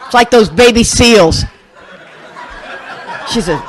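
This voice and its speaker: A woman's voice: medium pitch, a little slow, long pauses. A woman speaking at a recovery meeting, telling a humorous personal story with lots of laughter and acted-out voices. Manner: animated, laughs often, acts out others' voices.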